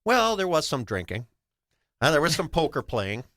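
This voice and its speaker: An older man, a veteran guest, speaking in a measured, explanatory way and posing questions to the listener. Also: fairly high pitch, sing-song, fairly bright tone, no room sound, clean studio sound. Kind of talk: interview explanation.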